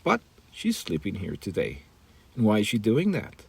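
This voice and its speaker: A man's voice: fairly low pitch, huge pitch swings, normal speed, vocal fry, a little mellow, breathy edge. A man teaching English in a bilingual lesson, reading example dialogues and translating them into Spanish.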